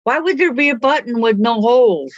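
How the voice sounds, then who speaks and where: A woman's voice: on the high side, animated, fairly quick, no echo. A woman joining a craft class from home, chatting casually over a video call and often trailing off mid-thought. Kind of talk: casual chat while crafting. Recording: dry, muffled video call audio.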